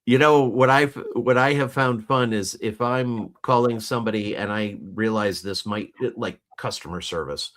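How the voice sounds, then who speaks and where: A man's voice: mid-range voice, moderate pace, few pauses, fairly bright tone. A man co-hosting a casual chat, talking in a loose, rambling way with many restarts and fillers, over a video call. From United States. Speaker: podcast co-host.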